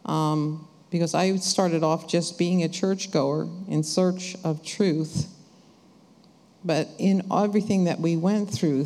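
A woman slowly and reflectively sharing her faith testimony. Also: low-pitched, creaky, warm tone. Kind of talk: church testimony talk. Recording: hall reverb.

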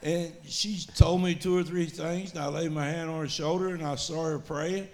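Gravelly man sharing a testimony. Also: a little high, fairly even intonation, normal speed, darkish tone. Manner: earnest, folksy storytelling. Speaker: church member giving testimony. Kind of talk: storytelling testimony.

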